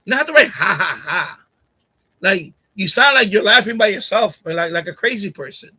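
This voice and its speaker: A man's voice: high-pitched, expressive, quick pace, pushed and bright, slightly rough. A middle-aged man hosting a live stream, talking casually and turning heated and repetitive as he confronts someone in the chat. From Puerto Rican family, grew up partly in Puerto Rico. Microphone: USB condenser mic on boom arm.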